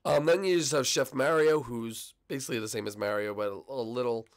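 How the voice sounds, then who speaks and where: Young man with a gravelly, strained voice. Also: medium pitch, a little fast. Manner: rambling, self-deprecating. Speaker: channel host. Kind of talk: casual behind-the-scenes commentary.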